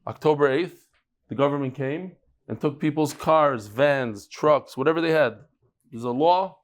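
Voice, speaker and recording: Animated man teaching Talmud. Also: on the high side, unhurried. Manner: animated storytelling, mixing English with Hebrew and Yiddish terms. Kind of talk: lively Talmud class lecture.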